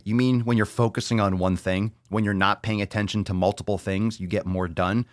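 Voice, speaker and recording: A man's voice: on the low side, fairly even intonation, brisk, no room sound, clean studio sound. A man hosting a podcast, ranting bluntly and sarcastically with lots of swearing, repeating lines for emphasis, then taking audience questions. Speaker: podcast host. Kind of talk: solo podcast rant and Q&A.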